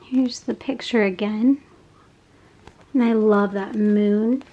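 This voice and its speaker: A woman chatting casually as she unboxes craft kits, gushing with soft laughs. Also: mid-range voice, steady tone, slow, dull audio. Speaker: unboxing vlogger.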